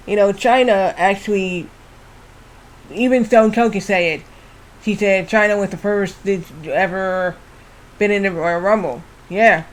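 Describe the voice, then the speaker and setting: A man streaming a wrestling game, telling long rambling stories and swearing casually as he plays. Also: high voice. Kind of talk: casual gaming commentary.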